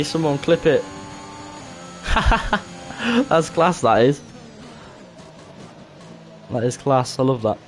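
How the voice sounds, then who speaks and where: A man giving chatty, excitable live commentary on an esports racing stream. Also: on the high side. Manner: chatty, excitable, talks to chat.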